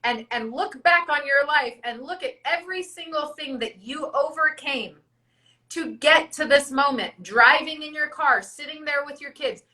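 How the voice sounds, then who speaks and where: A woman co-hosting a podcast, her voice bright and forceful and sitting a little high. She talks in a casual, emphatic and encouraging way, with free swearing. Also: normal speed, rough recording. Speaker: podcast co-host.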